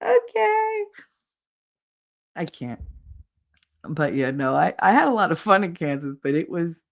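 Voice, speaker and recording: A woman from New Jersey with a New Jersey accent, hosting a podcast in casual chat, animated and exasperated, swearing freely. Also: deep voice, moderate pace. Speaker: podcast host reading live chat.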